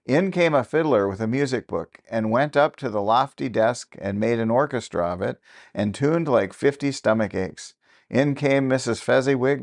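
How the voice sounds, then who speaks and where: A man narrating a classic novel as an audiobook, with steady, even-paced storytelling. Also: mid-range voice, gravelly.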